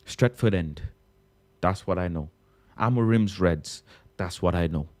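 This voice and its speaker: Playful Mancunian man with a mellow, low voice. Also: unhurried. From Manchester, England. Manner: playful mock-indignant, repeating himself with big pitch jumps. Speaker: live streamer reading chat. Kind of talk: casual livestream banter.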